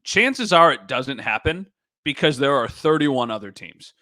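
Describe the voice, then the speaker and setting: A man's voice: mid-range voice, very animated, unhurried, sharp tone, no room sound. A man co-hosting a sports podcast, a sports reporter, chatting casually with a joking, self-deprecating manner.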